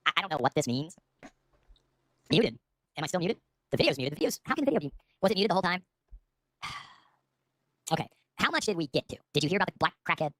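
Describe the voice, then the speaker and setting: A man's voice: fairly high pitch, sing-song, quick pace, pauses often, a bit bright, dry recording, studio quality. A man hosting a casual livestream from home, rambling and playful, often restarting his sentences. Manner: rambling, playful, self-interrupting. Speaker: livestream host.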